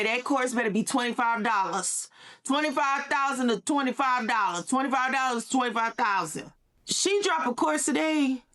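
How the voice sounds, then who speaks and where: Woman commentator, sassy and emphatic, a touch high-pitched. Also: fairly bright tone. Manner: sassy, emphatic, repeats points. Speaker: social media commentator. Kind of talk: casual gossip commentary.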